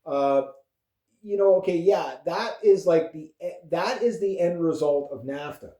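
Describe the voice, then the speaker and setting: A man's voice: on the high side, a little slow, mellow. Rambling profane Canadian man, echoey room. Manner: rambling, profane, with frequent fillers and chuckles. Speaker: vlogger. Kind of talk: casual political rant.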